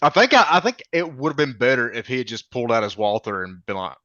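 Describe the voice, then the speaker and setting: A man co-hosting a podcast, giving blunt opinions in a halting way, often restarting sentences. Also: medium pitch, big pitch swings, bright, forceful tone, no room sound, lo-fi sound. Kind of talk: casual film discussion.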